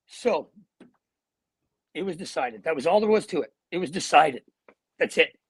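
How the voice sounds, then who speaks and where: Blunt middle-aged guy, high husky voice on a video call, dry sound. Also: moderate pace, pauses often, no echo, rough recording. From Canada. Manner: animated, blunt, swears freely. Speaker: guest. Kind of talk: emotional personal storytelling. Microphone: earbuds.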